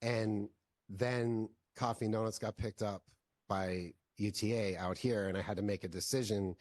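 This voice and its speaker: A filmmaker guest in a casual interview, telling long stories with lots of "like" fillers. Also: male voice, on the low side, steady tone, moderate pace, darkish tone, no echo, studio quality. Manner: rambling, heavy use of "like" fillers.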